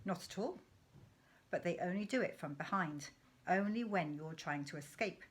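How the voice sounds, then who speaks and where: A woman's voice: lowish voice, lively intonation, normal speed, close to an everyday voice. A woman reading aloud voices a boastful, mischievous father who relishes telling his son tall tales about poaching. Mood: conspiratorial.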